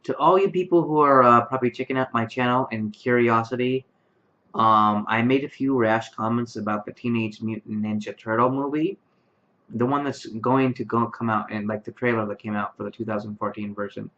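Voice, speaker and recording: This is a man in his late twenties, a vlogger chatting to camera in his bedroom late at night, tired and rambling with many fillers and restarts. His medium-pitched voice is brisk and sharp, with fairly even intonation. A webcam microphone records it with a dull lo-fi sound.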